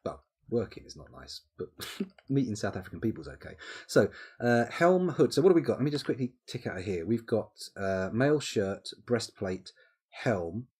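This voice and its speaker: A young man streams a game from home, talking half to himself as he works through menus and drifts into relaxed asides. His voice sits on the low side and has a breathy, husky grain, picked up close on a desk microphone. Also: moderate pace. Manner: thinking aloud, muttering menu items, easygoing asides. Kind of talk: casual live-stream commentary while playing.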